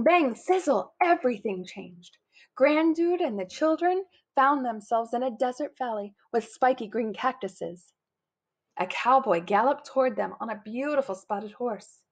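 A woman reads a children's storybook aloud, her voice bouncing through a very wide range of pitch. She sits a touch above the usual register and gives every sentence an animated lift. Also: a little slow. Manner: animated, putting on lively character voices for quotes. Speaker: storybook reader. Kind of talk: children's picture book read-aloud.

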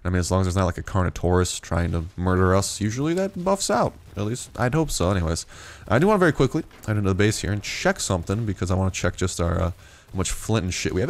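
A young man giving casual let's-play commentary, rambling and excitable, swearing freely and yelping when startled. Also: low voice, fast. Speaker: gaming YouTuber.

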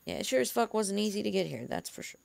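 A woman's voice: medium pitch, very animated, fast, vocal fry, a little mellow, no echo. A woman playing a tabletop game, talking bluntly and skeptically and swearing freely. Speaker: player. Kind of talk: casual in-character play.

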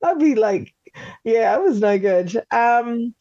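Animated, laughing Australian woman, muffled audio. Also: on the high side, takes it slowly, no echo. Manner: animated, swears freely, laughs often, acts out quotes. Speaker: podcast guest, former reality show contestant. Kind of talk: casual interview chat.

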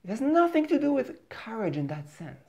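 A man's voice: extremely high pitch, very animated, brisk, vocal fry, mellow, dull audio. A man giving an earnest motivational spiritual talk as a teacher, repeating words for emphasis.

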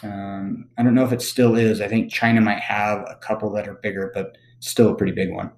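A man teaching a recorded lesson, explaining in a relaxed, conversational way and often checking in with "okay?". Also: fairly low pitch, brisk, creaky, roomy sound. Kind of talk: recorded classroom lecture.

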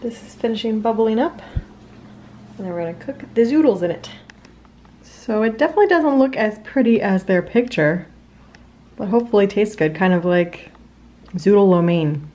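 A woman's voice: mid-range voice, animated, normal speed, long pauses, warm tone. A young woman casually vlogging in her home kitchen, chatty and upbeat, with bad jokes, on a handheld camera.

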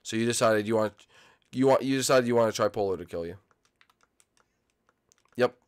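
An excitable young man narrates his own gameplay for his channel, jumping between shouted surprise and quick chatter with the viewers and other players. His pitch sits in the middle range for a man, and keyboard typing clicks away behind him. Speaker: gaming channel host. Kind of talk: casual gameplay commentary.

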